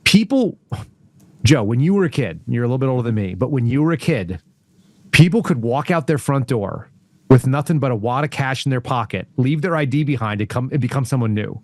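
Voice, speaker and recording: Rambling, animated male guest, dry sound. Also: medium pitch, a little fast, dry recording. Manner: rambling, animated storyteller with frequent laughs. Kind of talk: casual political talk.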